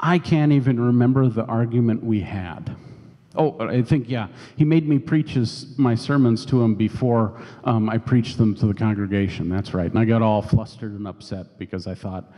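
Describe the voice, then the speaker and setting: A man's voice: fairly low pitch, moderate pace, mellow. A man preaching a sermon as pastor, telling a personal story in a conversational way. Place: church sanctuary. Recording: long church reverb.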